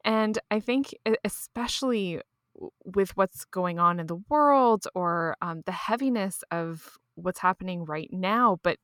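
A woman's voice: fairly low pitch, a little slow, a bit bright, dry recording, studio quality. A woman co-hosting a podcast, speaking thoughtfully in casual chat, with many fillers and restarts. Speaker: podcast co-host.

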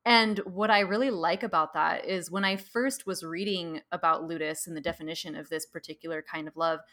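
Low-voiced woman podcast co-host. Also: fairly even intonation, brisk, bright, forceful tone. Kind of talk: reading prepared notes, then casual chat.

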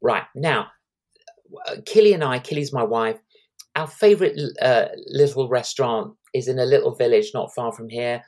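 A man in his sixties, an evangelist, telling lively anecdotes as a guest in an interview, acting out the quotes. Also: medium pitch, normal speed. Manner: animated anecdotes with acted-out quotes.

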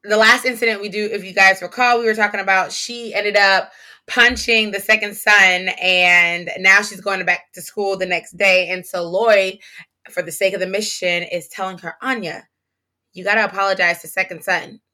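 A woman co-hosting a podcast, talking in casual chat, animated and laughing often. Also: mid-range voice, moderate pace. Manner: animated, laughs often, slips into playful voices. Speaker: podcast co-host.

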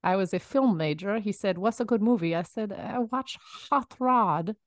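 A woman's voice: medium pitch, no room sound, close to an everyday voice. A woman putting on a hammy fake Russian accent. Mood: earnest. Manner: exaggerated fake Russian accent, slow and deliberate. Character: woman faking a thick Russian accent, playing a dictator. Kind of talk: comic podcast bit.

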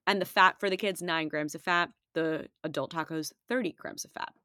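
A woman dietitian hosts her own podcast solo, chatting casually but emphatically and rattling off numbers while out of breath. Her deep voice is steady yet sharp, at a moderate pace, in clean studio quality with no room sound.

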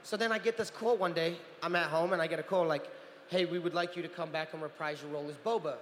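Animated man telling stories in a hall. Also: a little high, fast talker. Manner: animated storyteller, acts out voices, laughs often. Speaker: convention panel guest, actor. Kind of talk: storytelling Q&A on stage. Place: convention hall stage. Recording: roomy hall reverb with faint crowd noise.

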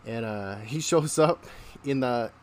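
A man hosting a relaxed podcast, telling stories in a casual way. He laughs often and acts out the people in his stories, and his pitch sits in a middle range. A faint hiss sits behind his voice. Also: slow. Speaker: podcast host. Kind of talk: casual storytelling.

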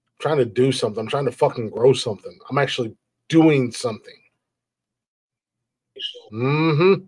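A man hosting a live show who rants with heavy swearing and keeps circling back to the same complaints. His voice sits at an ordinary pitch and sounds dry and close to the mic. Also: normal speed, darkish tone, husky, dry recording. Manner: heated, profane, repetitive, frustrated. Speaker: podcast host. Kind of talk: profane live-stream rant.

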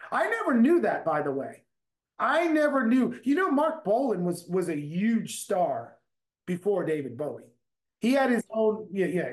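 A man with a high voice trades stories in a relaxed conversation. He talks in loose, animated bursts and swears freely as he rambles through his anecdotes. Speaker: musician guest, bass player. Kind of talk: casual storytelling chat.

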